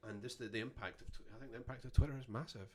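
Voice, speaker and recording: A man's voice: mid-range voice, steady tone, rapid-fire, a little mellow. A man co-hosting a casual podcast chat, rambling and breaking off mid-sentence, laughing often. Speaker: podcast co-host. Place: garage.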